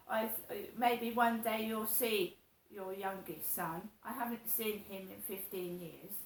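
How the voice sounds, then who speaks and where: A middle-aged woman talks slowly and at length, circling back over the same grievances. Her voice sits fairly high and carries a roomy echo. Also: creaky, a bit bright, slight background noise. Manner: slow, repetitive, aggrieved storytelling. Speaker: vlogger. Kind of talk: personal monologue.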